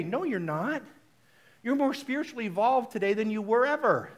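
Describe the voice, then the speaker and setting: A male minister giving a conversational sermon, animated and chatty, often checking in with the congregation. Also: high-pitched, fairly quick. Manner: chatty, frequently asks the congregation "right?"; animated, shifts between loud exclamations and soft asides.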